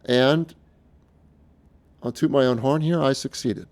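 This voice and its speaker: A middle-aged man talking in a casual, unscripted monologue, earnest and halting, often restarting his sentences. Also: medium pitch, a little mellow. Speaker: speaker recounting his experiences.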